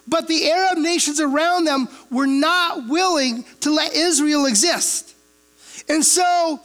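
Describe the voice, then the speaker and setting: A preacher with a high-pitched voice delivers an unhurried verse-by-verse sermon. The teaching is conversational and emphatic, repeating key phrases for weight, with frequent rhetorical questions to keep listeners engaged. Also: a bit bright. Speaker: pastor teaching from the Bible.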